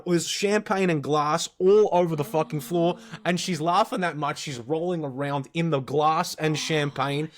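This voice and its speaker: A man's voice: on the high side, moderate pace, hardly any pauses. An Australian man in his thirties, a podcast co-host, telling rowdy stories in casual chat and swearing constantly. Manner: swears constantly, animated storyteller.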